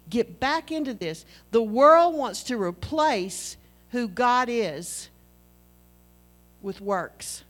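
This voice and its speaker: A middle-aged woman delivers a sermon in a lively, conversational manner, often switching into bits of dialogue. Her voice sits fairly high for a woman. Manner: animated, conversational preaching with laughter and acted-out dialogue. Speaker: preacher.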